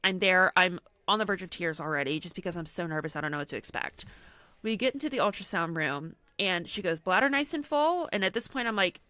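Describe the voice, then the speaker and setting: A woman's voice: fairly low pitch, quick pace, dry recording. A young woman co-hosting a podcast, telling a personal story in casual chat and acting out what people said, with lots of "like". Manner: animated storyteller acting out quotes, frequent "like". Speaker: podcast co-host.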